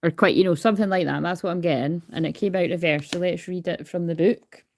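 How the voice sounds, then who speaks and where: A woman's voice: on the low side, fairly even intonation, quick pace, a little mellow, a little hiss or hum. A woman doing a casual livestream card reading into a phone. She is chatty, swears freely and calls herself hyper. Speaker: tarot card reader.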